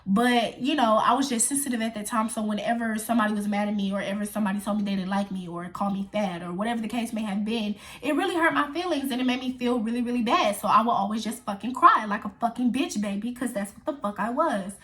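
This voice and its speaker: A young woman chats straight to her viewers in a casual storytime, swearing freely and calling them y'all. Her voice sits a little high and she tells the tale with lively, animated energy. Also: quick pace, hardly any pauses. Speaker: vlogger.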